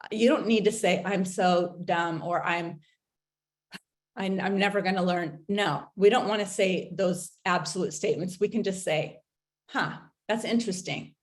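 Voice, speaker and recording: A woman hosting a talk, giving recovery and safety advice in an earnest, measured way with frequent pauses. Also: mid-range voice.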